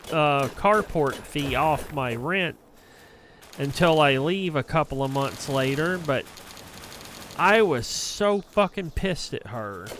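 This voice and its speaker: A man's voice: fairly high pitch, pushed and bright, slight background noise. A young adult man streamer casually telling a rambling, profane story on a livestream. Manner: rambling, profane, heated anecdote.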